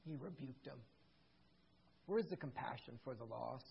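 A pastor preaching a sermon, dramatic, swinging between hushed passages and loud, emphatic ones. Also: medium pitch, animated, unhurried, gravelly, slightly rough. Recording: slightly dull lo-fi recording.

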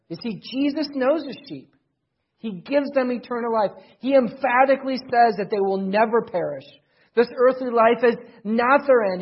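A man preaching as pastor, his voice a little husky and breathy. He drives points home by repeating key phrases with emphasis. The recording is dull and lo-fi. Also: very high-pitched, animated, moderate pace. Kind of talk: sermon.

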